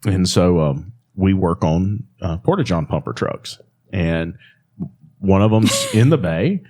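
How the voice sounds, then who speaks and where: A man's voice: deep voice, slow. A man co-hosting a podcast, telling stories in casual, laughing chat that lets a swear word slip now and then. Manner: animated, laughing storyteller, swears freely. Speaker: podcast co-host.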